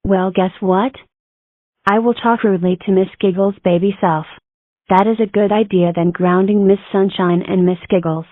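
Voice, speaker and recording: An amateur fan animator reading scripted cartoon lines in a plain, flat delivery. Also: mid-range voice, normal speed, no room sound, phone-quality sound. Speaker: fan animator voicing all characters.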